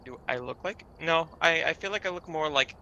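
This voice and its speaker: A man's voice: on the high side, fairly quick, pushed and bright, muffled recording. A man joking and bantering with friends during a game stream. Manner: joking, teasing. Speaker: player on stream. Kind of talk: casual banter.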